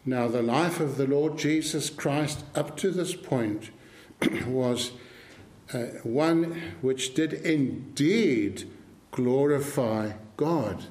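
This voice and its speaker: A man's voice: mid-range voice, very slow, darkish tone. A man preaching a sermon in an earnest, emphatic way, repeating his key phrases for weight.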